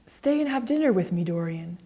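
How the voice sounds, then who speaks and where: A woman's voice: lowish voice, expressive, brisk, warm tone. A woman reading the lines of an earnest, devoted painter in a graded reader audiobook. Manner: earnest, reproachful.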